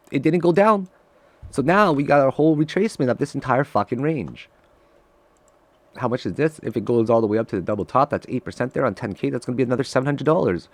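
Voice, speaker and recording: A man giving live trading commentary to his viewers, excitable and profane, swinging from loud frustrated outbursts to low muttering. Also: dry recording. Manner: talks straight to viewers, calling them guys. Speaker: day trader streaming live trades.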